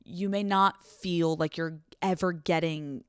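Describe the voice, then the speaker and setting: A woman hosting a podcast, giving casual relationship advice in a blunt, profane and animated way, running on no sleep. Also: lowish voice, slow pace, clean tone, dry recording, clean studio sound. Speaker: podcast host.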